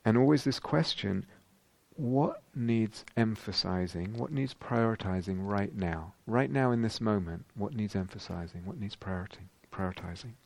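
A middle-aged male meditation teacher speaks in a low, gravelly voice, close and dry with no room sound. He talks in a reflective, searching way, full of ums and questions posed to himself. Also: normal speed, darkish tone, no room sound. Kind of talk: dharma talk.

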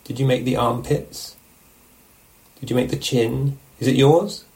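A man teaching meditation in a relaxed, conversational dharma talk, often checking in with his listeners. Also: mid-range voice, unhurried, vocal fry.

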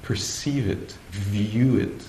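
A man giving a dharma talk at a meditation retreat, slow and hesitant, often pausing to search for the right words. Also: lowish voice, dark tone, a little hiss or hum. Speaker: meditation teacher. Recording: echoey room, faint ambience.

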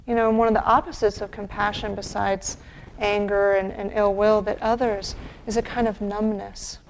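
A woman meditation teacher giving a dharma talk, gentle and reflective, with pauses. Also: medium pitch, little pitch movement, a little hiss or hum, rough recording.

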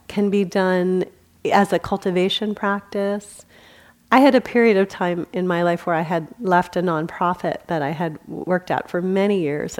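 A woman giving a dharma talk as a meditation teacher, speaking gently with light humor and frequent laughter. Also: mid-range voice. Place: meditation center.

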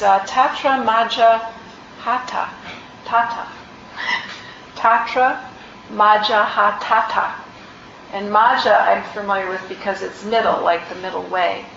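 A woman meditation teacher giving an unhurried, reflective dharma talk, gently searching for her words. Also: medium pitch, gravelly, roomy sound, dull audio, a little hiss or hum. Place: meditation hall.

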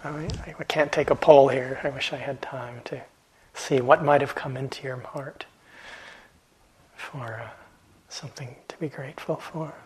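A man teaching meditation in a gentle, reflective dharma talk, halting often and letting phrases trail off softly. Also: mid-range voice, steady tone, husky, low-quality recording. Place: meditation hall.

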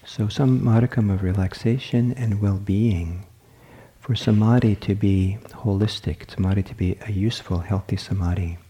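A male meditation teacher gives a dharma talk in a low, mellow voice. He speaks gently and reflectively, pausing and restarting phrases as he feels his way toward each idea. The tone is warm and unforced. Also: steady tone.

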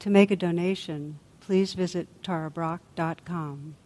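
Gentle low-voiced meditation teacher. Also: female voice, fairly even intonation, long reverb tail, background noise. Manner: gentle, unhurried, reflective with soft pauses. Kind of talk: dharma talk and guided reflection.

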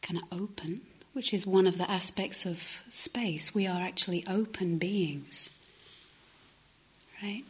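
Soft, breathy woman teacher. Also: fairly low pitch. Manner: soft, halting, often dropping to a near-whisper. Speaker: meditation teacher. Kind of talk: reflective dharma talk.

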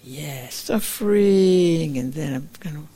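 A woman meditation teacher giving a dharma talk, telling a story gently and reflectively, often acting out her own inner voice in short quoted asides. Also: low voice, animated, takes it slowly, slightly rough. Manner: gentle, reflective, with frequent fillers like "kind of". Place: meditation retreat center.

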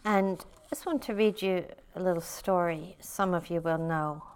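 A woman meditation teacher giving a dharma talk, slow and reflective, often softening to near a whisper. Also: fairly low pitch, clear, resonant tone.

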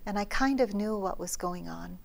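A middle-aged woman, a meditation teacher, gives a dharma talk at a retreat. Her medium-pitched, gravelly voice moves at a moderate pace as she tells stories gently, often sinking to a soft near-whisper.

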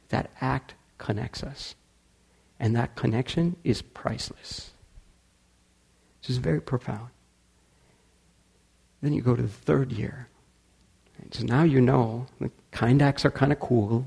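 A man giving a storytelling talk to a meditation community, lively and quick to act out the people in his stories. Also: mid-range voice, vocal fry, husky. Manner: animated storyteller who acts out dialogue and laughs often.

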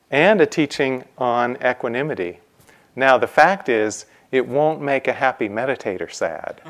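A man teaching meditation in a relaxed dharma talk, asking the listeners rhetorical questions. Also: mid-range voice. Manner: conversational, asks rhetorical questions. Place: retreat center.

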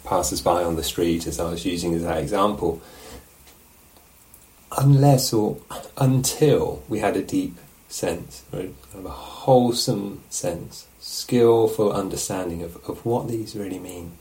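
A man teaching meditation, giving a relaxed, musing dharma talk at a retreat and often checking in with his listeners. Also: sits low, measured pace, low-quality recording. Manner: reflective, musing, asks questions of the listeners. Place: meditation hall.

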